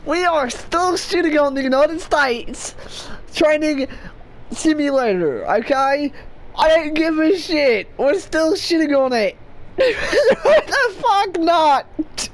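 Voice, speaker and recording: Lively, swearing gamer woman. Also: high voice, slow. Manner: loud, swearing, laughing often. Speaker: gaming video creator. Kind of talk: profane gameplay commentary.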